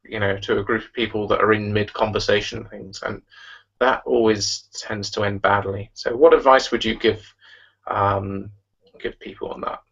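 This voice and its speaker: A man interviewing a guest, asking a long, hesitant question with many pauses and restarts. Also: on the low side, steady tone, vocal fry, a bit bright, husky. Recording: dull lo-fi recording.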